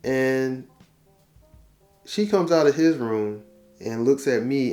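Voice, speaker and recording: A man in his forties spins a casual advice story, acting out each line of dialogue and dropping in easygoing slang. His voice sits at an ordinary middle pitch. Faint guitar music plays softly underneath. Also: takes it slowly, long pauses. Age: 40s. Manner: animated storyteller, quotes dialogue, laughs at himself; conversational, uses slang and repetition. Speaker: relationship talk host.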